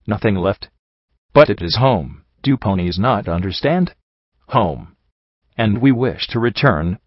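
A man growling as a gruff old dog chief in broken speech. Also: fairly low pitch, no echo, dull audio, exaggerated voice. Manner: broken grammar, growling and grumbling.

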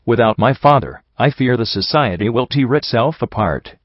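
A man reading the lines of a calm, dignified aristocratic unicorn prince in a storybook. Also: mid-range voice, moderate pace, no echo, highs cut off, natural voice.

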